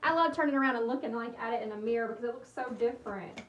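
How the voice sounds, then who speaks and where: A woman's voice: fairly high pitch, very fast, dull audio. Chatty woman crafting on a livestream. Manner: chatty, bubbly, rambling, laughs often. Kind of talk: casual livestream chat while crafting. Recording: roomy, slightly distant with faint hiss.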